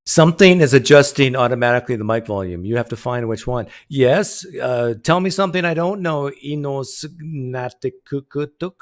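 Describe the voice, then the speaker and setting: Hosting a laid-back livestream from his home streaming setup, this man jokes sarcastically while battling his mic settings. His medium-pitched voice is expressive and fairly quick, with hardly any pauses, picked up by a desktop streaming mic.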